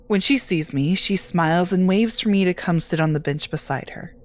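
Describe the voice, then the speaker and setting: A woman narrating a first-person horror story in a measured, dramatic storytelling manner. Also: lowish voice. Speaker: voice actor, narrator.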